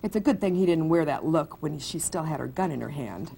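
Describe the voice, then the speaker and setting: A woman's voice: low voice, lively intonation, brisk, creaky, dark tone, slight background noise. A woman author from the United States, reading from her novel and chatting about her writing with many fillers.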